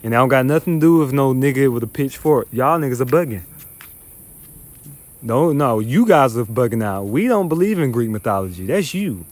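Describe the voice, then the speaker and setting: A man's voice: medium pitch, animated, moderate pace, a little mellow. A man teaching the Bible verse by verse, reading passages then ranting in a profane, scornful, emphatic way. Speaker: scripture teacher.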